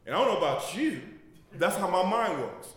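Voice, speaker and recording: A joking preacher in an echoing church. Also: male voice, sits high, big pitch swings, normal speed. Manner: conversational preaching, asks the congregation to fill in words; joking and laughing. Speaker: pastor. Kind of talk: sermon. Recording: very echoey room. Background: congregation responding.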